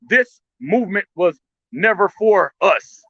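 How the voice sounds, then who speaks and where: A man's voice: high-pitched, lively intonation, takes it slowly, no room sound, muffled recording. A man speaking in heated, blunt commentary, profane and impassioned, often restarting his sentences.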